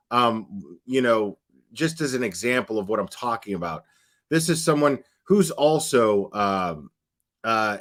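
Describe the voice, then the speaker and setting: A man's voice: medium pitch, fairly bright tone. A man doing casual live-stream commentary, talking bluntly and with scorn, full of fillers and restarts.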